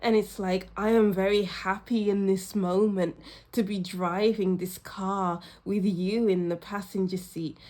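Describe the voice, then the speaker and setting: A woman's voice: medium pitch, steady tone, unhurried, darkish tone. A woman reading tarot cards to camera for her channel. She laughs often and exclaims as she talks, and she says she is a little tired and ill. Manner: giggly, exclamatory, frequent bursts of laughter. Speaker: tarot reader.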